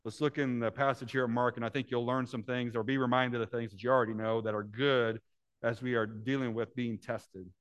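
A man preaching a sermon as pastor, telling a story with lively delivery and then dropping low and earnest as he addresses the congregation. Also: fairly quick. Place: church sanctuary with congregation.

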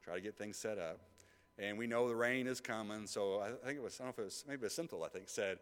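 A man preaching a sermon as pastor, emphatic, moving from soft asides to loud passages and asking the congregation quick questions. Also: lowish voice. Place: church sanctuary. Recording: reverberant church hall.

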